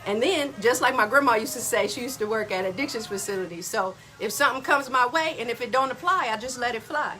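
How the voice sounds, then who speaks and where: Bright-voiced woman, chatty and folksy. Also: on the high side, fast talker, hardly any pauses, faint music behind. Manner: chatty, addresses listeners as y'all. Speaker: wellness podcast host. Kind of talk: casual motivational talk.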